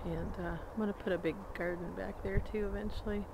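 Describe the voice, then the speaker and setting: Brisk and steady, with medium pitch and vocal fry, a woman walks outdoors around her small farm, barns and animals all about, narrating a casual, rambling tour. She leans on fillers and laughs a little as she goes. The handheld camera mic records a noisy background.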